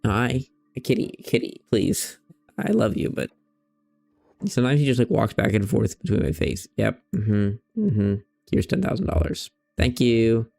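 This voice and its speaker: A male streamer with a gravelly, fry-edged voice gives casual let's-play commentary, his pitch swinging widely as he jokes and chats with his cat. Faint game music sits quietly behind him. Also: very animated, measured pace. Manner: playful, chatty asides to his pet cat.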